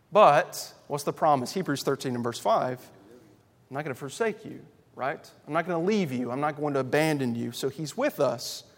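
A man preaching a sermon to a congregation, emphatic and building through loud repeated lists. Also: a little high, long reverb tail. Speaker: pastor.

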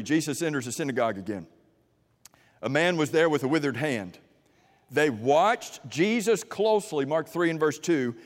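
A man preaching a sermon in an animated, dramatic way, his fairly high voice climbing to emphatic peaks and then sinking into quiet asides. A long hall reverb trails behind him, as in a church sanctuary.

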